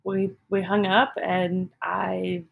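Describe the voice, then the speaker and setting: A woman's voice: fairly low pitch, flat delivery, slow pace, creaky, slight background noise. A woman from Texas telling a personal story in a casual, self-deprecating way, full of "um" and "like". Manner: self-deprecating, chatty, many fillers like "um" and "like".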